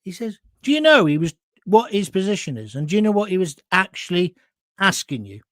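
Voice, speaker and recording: Animated, high-pitched man swearing. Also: brisk, dry recording, clean studio sound. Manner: swearing, rambling with restarts and asides. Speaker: host. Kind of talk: casual storytelling monologue.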